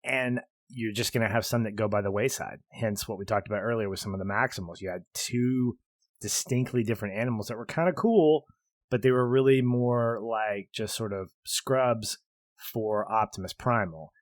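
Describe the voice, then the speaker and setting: A man's voice: fairly low pitch, normal speed, no echo, clean studio sound. A man in his thirties co-hosting a film podcast, chatting casually and animatedly with frequent laughter. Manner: animated, laughs often, rambling. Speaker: podcast co-host. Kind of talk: casual film review chat.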